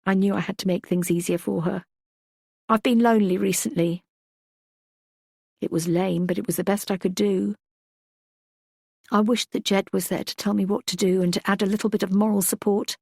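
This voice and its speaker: A woman reads a first-person thriller audiobook at a mid pitch, measured and reflective. Her storytelling is steady and thoughtful. The recording is dry and close, with no room sound. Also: creaky, breathy edge, dry recording. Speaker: audiobook narrator.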